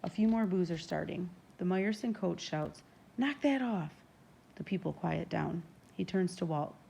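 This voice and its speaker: A woman reading a first-person novel aloud in steady, even narration. Her voice is low with a gravelly edge. The tone is dark and mellow. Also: normal speed, slight background noise. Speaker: audiobook narrator.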